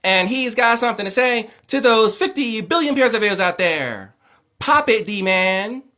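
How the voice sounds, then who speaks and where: A man's voice: big pitch swings, sharp tone, full character voice. A man putting on the voice of a flamboyant, hyper male radio showman who squeals and shrieks his hype lines. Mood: hyped. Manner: shrill, squealing, rapid-fire hype.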